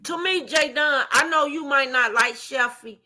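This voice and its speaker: A woman with a high, ringing voice makes her case in a heated live stream debate. She talks with emphatic passion, sprinkled with profanity, pressing her point over and over. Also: measured pace, sharp tone.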